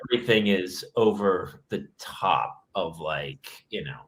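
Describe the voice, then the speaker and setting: A man hosting a podcast, telling parenting stories in casual chat with animated, mock-exasperated asides. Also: deep voice, measured pace, slight background noise. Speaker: podcast host. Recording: roomy echo.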